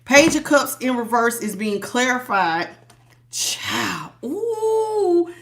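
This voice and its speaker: A middle-aged woman giving a casual tarot reading to her viewers, animated and laughing, calling them honey and baby. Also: a little high, moderate pace. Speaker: tarot reader.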